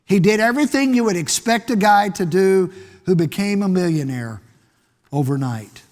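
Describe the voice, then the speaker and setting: A man's voice: high voice, lively intonation, normal speed, darkish tone. A man preaching a sermon in a church, emphatic, often repeating words and asking the congregation questions. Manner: emphatic, repeats words while building a point; asks the congregation rhetorical questions. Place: church sanctuary. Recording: long church hall reverb.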